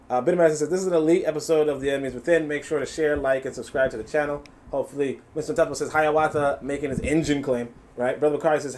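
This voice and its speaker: A man hosting a live reaction stream, reading chat comments aloud and mocking what he hears, swearing and laughing as he goes. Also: medium pitch. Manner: animated, mocking, swears freely, laughs often.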